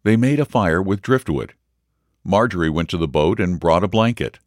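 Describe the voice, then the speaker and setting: A man reading a story aloud in a measured, expressive narration. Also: deep voice, no room sound, studio quality. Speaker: audiobook reader. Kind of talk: scripted narration.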